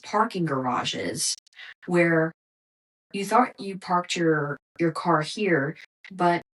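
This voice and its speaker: A woman's voice: fairly low pitch, takes it slowly, fairly bright tone, low-quality recording. A young woman hosting a podcast, ranting in a casual, exasperated monologue full of swearing. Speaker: podcast host.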